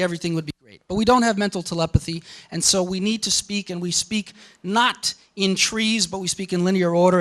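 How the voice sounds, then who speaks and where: A man's voice: high-pitched, fairly bright tone. A man lecturing on linguistics to a class, thinking aloud with frequent restarts and fillers as he explains ideas. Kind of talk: university lecture.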